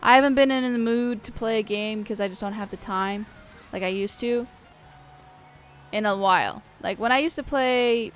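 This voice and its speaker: A young woman chats casually with her live-stream viewers while she races, playfully teasing them by name. Her voice sits fairly high, and soft music plays faintly behind her. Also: moderate pace. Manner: playful, teasing, talks straight to chat.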